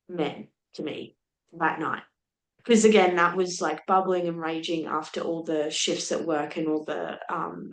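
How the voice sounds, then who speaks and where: A young adult woman, a podcast guest animatedly retelling a personal story, acting out what people said. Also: on the low side. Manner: animated retelling with laughs and quoted speech. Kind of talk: candid storytelling in conversation. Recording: roomy echo.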